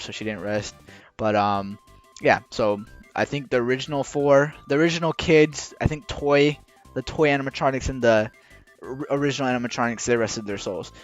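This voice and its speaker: A man rambling through a casual explainer while drawing, halting with many restarts and rushing against a timer. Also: medium pitch. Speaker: video creator explaining game lore. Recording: dull lo-fi recording with faint music.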